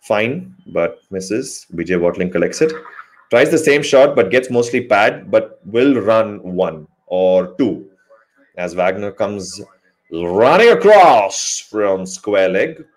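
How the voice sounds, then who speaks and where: A man's voice: fairly low pitch, sing-song, slow. A man giving a live cricket commentary hangout, rambling with joking asides and correcting himself mid-sentence.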